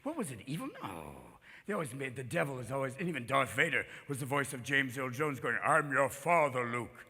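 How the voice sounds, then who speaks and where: A man's voice: medium pitch, expressive, bright, forceful tone, breathy edge. A man in his fifties doing manic stand-up comedy on a theater stage, leaping into voices. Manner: manic, rapid-fire, leaps into voices. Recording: live theater with long reverb.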